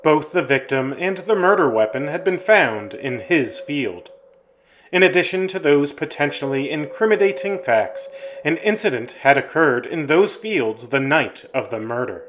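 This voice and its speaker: A man narrating a scripted horror story in a measured, ominous way. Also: fairly high pitch, lively intonation, a bit bright, a little hiss or hum.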